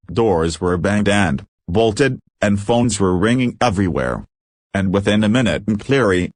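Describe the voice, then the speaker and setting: A man narrating a story as an audiobook reader in a measured, deliberate way. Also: on the low side, dry recording.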